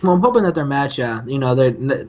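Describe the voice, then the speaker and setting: Man, casual gaming commentary, jokey, voices characters, dull low-fi recording. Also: expressive, quick pace, a crowd in the background. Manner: joking, acts out characters. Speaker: host. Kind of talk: casual let's-play commentary. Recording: dull lo-fi mic.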